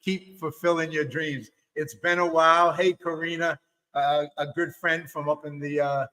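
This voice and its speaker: A man from New York hosts a video-call webinar and tells stories with animated energy. His voice sits a little high and sounds bright and forceful. He restarts his sentences often. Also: normal speed, low-quality recording. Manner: animated, with many restarts and "you know". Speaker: webinar host. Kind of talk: casual storytelling chat.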